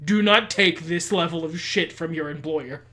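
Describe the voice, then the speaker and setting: Podcast cohost, mid-pitched voice, blunt and sweary, laughs a lot. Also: normal speed, pushed and bright. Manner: blunt, opinionated, swears freely; laughs often while talking. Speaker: podcast co-host. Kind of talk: casual chat.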